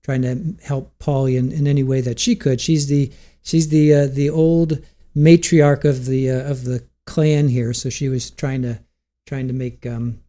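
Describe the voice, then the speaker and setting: A man's voice: mid-range voice, steady tone, a little slow, warm tone. A man hosting a livestream from home, chatting casually, reading out viewer comments and laughing often. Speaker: livestream host. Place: home room with cats.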